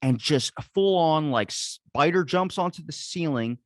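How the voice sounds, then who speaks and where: A man's voice: fairly high pitch, expressive, unhurried, no echo, clean studio sound. A man hosting a podcast, telling a story in rambling, profane casual chat over a video call. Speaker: podcast host.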